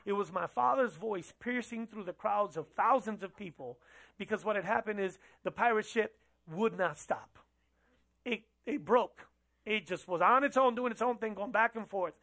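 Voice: medium pitch, normal speed, a bit bright. A pastor preaching a sermon in a church, talking conversationally, asking the audience questions and repeating phrases for emphasis.

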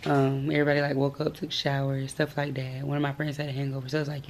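A young woman in her twenties with a hoarse, worn-out voice, chatting casually to her vlog viewers. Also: a bass voice, little pitch movement, fast talker, few pauses, a little mellow, slight background noise. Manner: chatty, storytelling, slangy. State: hoarse, lost voice. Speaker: vlogger.

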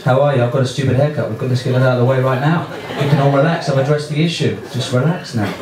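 A man with an English accent doing a stand-up comedy set in a small club, deadpan and offhand, chatting with the crowd. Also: medium pitch, fast. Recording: echoey comedy club with loud noise.

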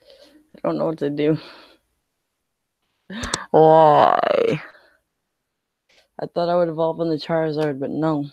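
Whiny gravelly young man gaming. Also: a little high, level tone, a little fast, no echo, muffled recording. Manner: whiny, mock-scared, self-pitying complaining. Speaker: gaming streamer. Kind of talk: live-streamed card game commentary.

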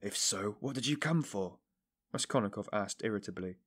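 A man reading a hushed, cornered young suspect. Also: lowish voice, brisk. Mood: irritable. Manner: hushed, breathless, irritable. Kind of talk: audiobook character reading.

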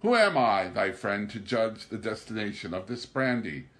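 A man's voice: very animated, normal speed. A man voicing an exuberant, scheming young male drifter in a theatrical, raised voice. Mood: sly. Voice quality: theatrical, high and loud.

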